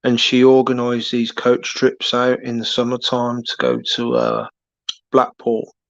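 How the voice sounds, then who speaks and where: Late at night on a live stream, a Birmingham man chats casually at a slow crawl, rambling, pausing and filling gaps with fillers. His mid-range voice is gravelly and completely flat, and the lo-fi recording sounds dull with no room sound.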